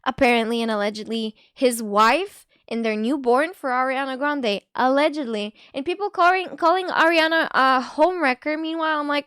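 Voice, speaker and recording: A woman streams and chats casually with her viewers. Her voice sits high, and she laughs easily between quick asides, filling her sentences with "like." The sound is close and dry, with no room in it. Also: a bit bright, smooth, no echo. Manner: chatty, giggly, full of "like" and quick asides. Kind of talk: casual live-stream chat.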